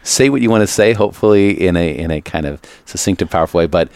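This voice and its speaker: A man's voice: sits low, fast, darkish tone, smooth, no room sound. A man hosting a casual interview, chatty, laughing often and restarting his sentences. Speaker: priest and podcast host.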